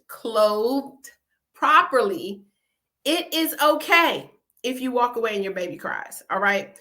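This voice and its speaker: A woman's voice: mid-range voice, bright, forceful tone. A woman hosting a parenting video, talking casually and emphatically to the viewer, checking in with "all right?" and laughing now and then. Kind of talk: casual talk to camera.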